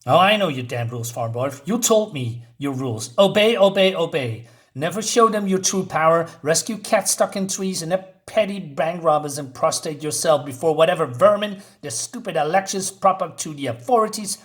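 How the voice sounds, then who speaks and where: A man's voice: a little high, animated, normal speed, lightly acted. A man voicing a furious, scornful warrior princess, reading her comic-book lines aloud. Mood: mocking.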